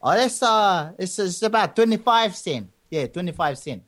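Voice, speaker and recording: A man voicing an easygoing shopkeeper with a Samoan accent, talking in a hesitant, drawn-out way. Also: high voice, expressive, a bit bright, pitched above the performer's own voice. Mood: laid-back. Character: easygoing male shopkeeper, relaxed drawl.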